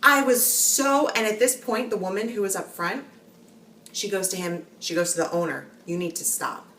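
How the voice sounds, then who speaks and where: A woman's voice: medium pitch, normal speed, fairly bright tone, a little hiss or hum. A young woman vlogger telling a story in a rambling way, full of restarts and fillers. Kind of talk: casual storytelling. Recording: roomy echo, a bit far from the mic.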